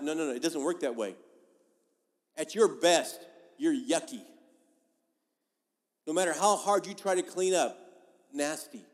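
A man as a pastor giving a sermon in a church, preaching in a conversational but emphatic way and swinging between loud and soft. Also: a little high, a little slow, long pauses. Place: church sanctuary. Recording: long reverb of a large hall.

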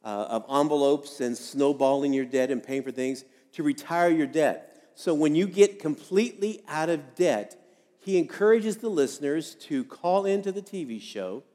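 A man's voice: fairly high pitch, dark tone, in a large hall. A man giving a sermon as a pastor, speaking conversationally and repeating key phrases for emphasis.

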